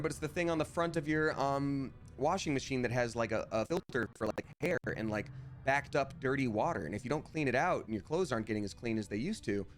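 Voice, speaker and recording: A male streamer chats casually while playing a game, and his pitch rises and falls freely as he tells a story. He slips into acting out both sides of the conversation. Faint music plays underneath.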